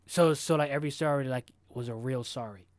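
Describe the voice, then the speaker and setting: A young man co-hosting a podcast, speaking in a halting casual way, often clearing his throat and restarting phrases. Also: mid-range voice, darkish tone, dry recording. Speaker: podcast co-host. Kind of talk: casual chat.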